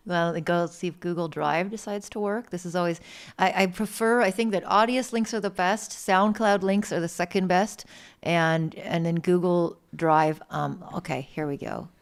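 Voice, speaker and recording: A woman hosting a live music feedback stream, chatty and playful, reading out submissions with quick asides. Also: fairly low pitch, fairly even intonation, smooth. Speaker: host reading track submissions. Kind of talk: casual live-stream chat.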